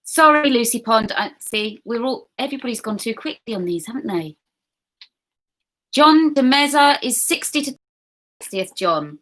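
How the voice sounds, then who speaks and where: A woman running a live pub quiz with a bright, clear voice that cuts through. She reads each question twice and chats in between, greeting viewers by name and giggling at her own asides. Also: a little high, lively intonation, normal speed. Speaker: quiz host.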